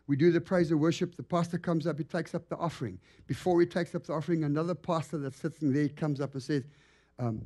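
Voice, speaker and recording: A man preaching in a church as a guest evangelist, telling stories with lively, acted-out animation. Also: on the high side. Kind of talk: storytelling sermon. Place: church sanctuary.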